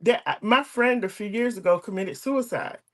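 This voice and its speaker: A woman's voice: medium pitch, expressive, normal speed. An older woman hosting an online talk show, telling a personal story in an earnest, emotional way over a video call. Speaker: host.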